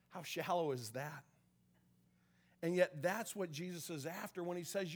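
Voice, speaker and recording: High-voiced man preaching a casual sermon. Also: unhurried, pauses often. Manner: conversational, self-deprecating humor with restarts. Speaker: pastor.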